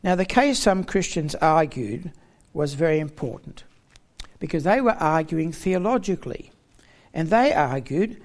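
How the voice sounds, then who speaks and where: A man's voice: fairly high pitch, lively intonation, a little slow. A man preaching a Bible teaching sermon in an expository manner, stressing key words with emphatic rising tones.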